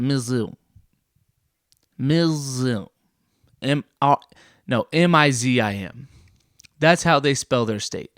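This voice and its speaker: A young man doing an absurd deadpan comedy monologue, rambling with many fillers and self-corrections. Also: mid-range voice, slow, pauses often, clear, resonant tone, no echo, clean studio sound.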